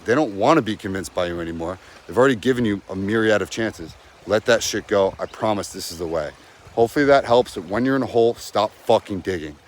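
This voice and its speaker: A man giving blunt, profane, emphatic breakup advice as a coach in a vlog. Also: fairly low pitch. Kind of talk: direct-to-camera advice vlog.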